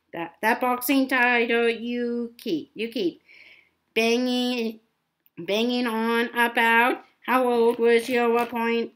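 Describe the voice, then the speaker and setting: Defiant teenage boy wizard in a read-aloud story, woman reader; mocking, halting, a little high. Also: a bit bright. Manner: halting, repeats words.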